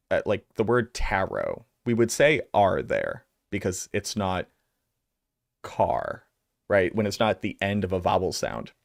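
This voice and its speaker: A man's voice: fairly low pitch, dry recording, clean studio sound. A young adult man with a Boston accent, rambling through casual reaction commentary with lots of filler words. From Massachusetts, US. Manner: rambling, filler-heavy storytelling. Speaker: streamer.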